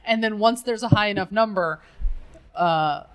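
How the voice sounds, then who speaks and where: A woman's voice: mid-range voice, moderate pace, smooth. Giggly woman riffing on a comedy podcast. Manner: giggly, riffing, swears casually. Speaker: podcast co-host. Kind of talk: casual comedic chat.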